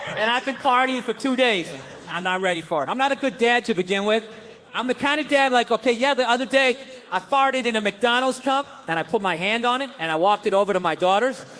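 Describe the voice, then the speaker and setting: A man telling a wild story on stage as a stand-up comic, with a voice that sits notably high for a man. He is profane and animated, and he jumps into other people's lines as he acts them out. He sounds middle-aged. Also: brisk. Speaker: stand-up comedian.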